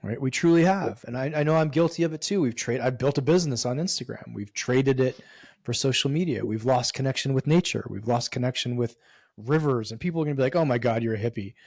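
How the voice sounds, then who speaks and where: A man's voice: mid-range voice, fast talker, creaky, darkish tone, no room sound. Earnest, emphatic man in a dry room. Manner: earnest and emphatic, with casual swearing. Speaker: podcast guest. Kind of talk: candid conversational interview.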